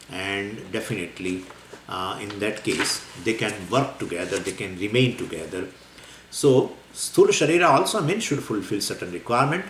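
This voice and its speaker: A man giving a scripture lecture as a spiritual teacher, explaining in a lively, wandering way with many fillers and small laughs. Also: mid-range voice, slight background noise. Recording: echoey room with faint ambience.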